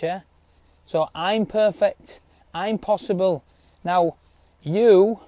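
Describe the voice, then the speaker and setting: A man with speech talks in a rambling, insistent rant, packed with swearing and a habit of tagging "yeah?" onto his points. His voice sits a little high, yet it sounds dark and mellow. He addresses his viewers directly and casually. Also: dry recording.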